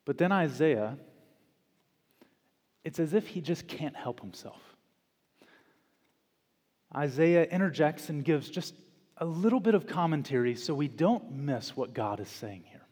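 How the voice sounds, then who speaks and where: A man preaching a sermon as pastor in a church, slow and deliberate, with dramatic pauses and emphatic repetition. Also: a little high, lively intonation, a little mellow. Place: church sanctuary. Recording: long church reverb.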